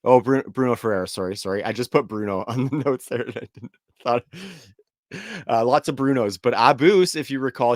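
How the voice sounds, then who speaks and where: A man's voice: mid-range voice, dry recording. Upbeat guy hosting the fight show, tossing questions to the crew, dry mic. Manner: upbeat, steering the talk, quick to apologize. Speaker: podcast host. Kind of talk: hosting sports chat.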